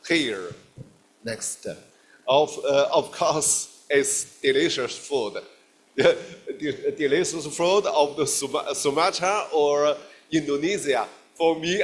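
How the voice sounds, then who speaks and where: A middle-aged man from China with a Chinese accent, giving a guest lecture in halting English full of fillers and restarts. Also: on the high side.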